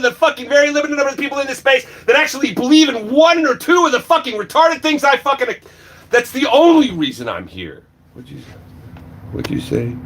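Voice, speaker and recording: A man ranting on a livestream, swearing a lot and swinging between shouting and low muttering. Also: big pitch swings, a little fast. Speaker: livestream vlogger. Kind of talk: angry profane rant.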